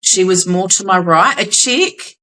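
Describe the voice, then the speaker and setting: A young Australian woman co-hosts a podcast, telling a gig story in casual chat, acting out quotes and swearing offhandedly. Her medium-pitched voice is expressive and a bit bright at a measured pace, though the audio is poor.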